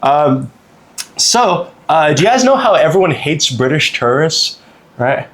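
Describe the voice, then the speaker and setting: A man's voice: on the high side, a little slow. A young man from Canada hosting a podcast, telling a travel story casually with many fillers. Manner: relaxed, lots of fillers and laughs. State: recovering from a cold. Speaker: podcast host. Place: indoors, on vacation.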